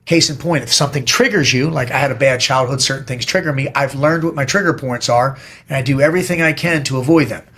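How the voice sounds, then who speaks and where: A man's voice: medium pitch, fast, a bit bright, slightly rough. A middle-aged man being interviewed, talking in a blunt, emphatic and profane way as he tells stories. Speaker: podcast guest. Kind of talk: casual interview talk.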